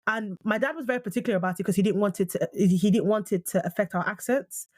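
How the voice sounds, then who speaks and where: A woman's voice: mid-range voice, no room sound. Chatty woman in her thirties, dry sound. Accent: British English. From Nigeria. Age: 30s. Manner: animated, quick asides, frequent restarts. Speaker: podcast co-host. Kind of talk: casual chat.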